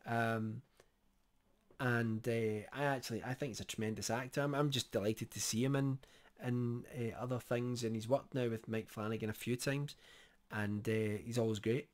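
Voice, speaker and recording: Guy chatting about a horror show, mid-pitched, lots of ums and restarts. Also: fairly even intonation, moderate pace. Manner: thoughtful, many fillers and restarts. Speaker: horror reviewer. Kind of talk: casual spoken review.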